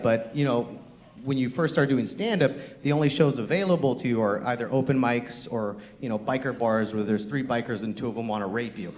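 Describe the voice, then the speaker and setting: Brash, crude stand-up comedian. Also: male voice, medium pitch. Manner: brash, crude, storytelling, laughs at his own jokes. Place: comedy club stage.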